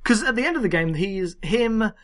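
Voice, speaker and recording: A man co-hosting a casual conversation about video games, relaxed and often restarting his sentences. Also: sits high. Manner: relaxed, halting, self-correcting.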